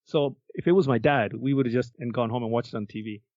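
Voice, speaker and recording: A man co-hosting a podcast, telling stories in a lively way, acting out what people said and swearing casually. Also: mid-range voice, fast talker, no echo, dull audio. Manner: animated storyteller who acts out quotes and swears casually. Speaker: podcast co-host. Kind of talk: casual chat, storytelling.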